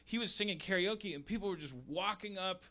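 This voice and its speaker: A man's voice: high voice, brisk, bright, forceful tone. A man hosting a podcast, chatting casually in a rambling, jokey way with many restarts. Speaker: podcast host. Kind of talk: casual chat.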